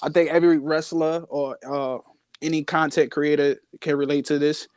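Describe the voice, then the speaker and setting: A man's voice: fairly high pitch, flat delivery, normal speed, darkish tone, dry recording, clean studio sound. A young man, a wrestler, talking in a casual live podcast interview, boastful and playful. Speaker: guest wrestler.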